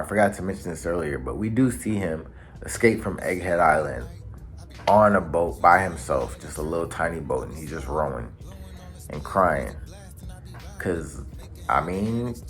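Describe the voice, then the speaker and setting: Animated slangy man recapping a story. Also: low voice. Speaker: anime channel host. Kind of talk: casual manga chapter recap.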